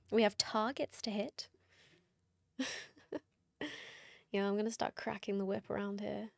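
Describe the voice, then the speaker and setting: Slow, playful woman streamer. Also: mid-range voice, fairly even intonation, creaky, no room sound, clean studio sound. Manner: playful and teasing, laughs often. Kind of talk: casual late-night stream chat.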